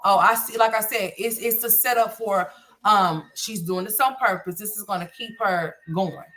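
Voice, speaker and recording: A woman's voice: medium pitch, moderate pace, fairly bright tone. A middle-aged woman giving blunt, emphatic, opinionated commentary from home. She often repeats herself and swears freely. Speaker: livestream commentary host.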